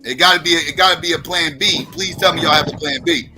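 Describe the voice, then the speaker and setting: A man hosting a live stream, talking bluntly and with plenty of profanity as he presses his audience for answers. His voice is bright and forceful, a little higher than most men's. Faint music plays underneath. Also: quick pace. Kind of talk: casual livestream talk.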